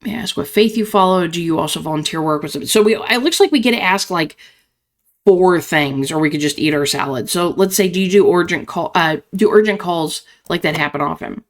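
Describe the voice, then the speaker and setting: A woman's voice: deep voice, fairly quick. A woman gaming streamer reading dialogue choices aloud and chatting playfully. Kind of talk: casual let's play commentary.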